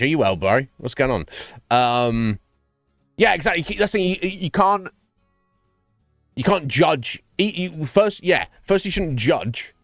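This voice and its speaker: Male streamer chatting w/ his viewers, animated and sweary, dry mic, bit of music under it. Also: medium pitch, no echo. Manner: rambling, animated, swears freely. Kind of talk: casual chat with stream viewers. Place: home streaming setup.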